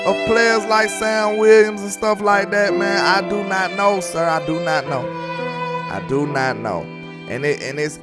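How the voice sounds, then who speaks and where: Young male sports streamer, slightly high voice, loose and talky, speech, hip hop beat faint behind him. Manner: chatty, reads and answers chat comments. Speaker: sports live-stream host. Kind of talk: casual sports commentary livestream. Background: hip hop beat playing.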